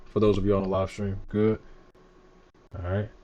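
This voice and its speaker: Male crypto streamer, low voice, easygoing and chatty, home desk mic, slight background noise. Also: level tone, normal speed, mellow. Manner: laid-back, chatty, laughs easily, talks to chat. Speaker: crypto market live streamer. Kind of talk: casual live-stream market analysis. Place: home room with computer fans and laundry nearby. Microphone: desk microphone.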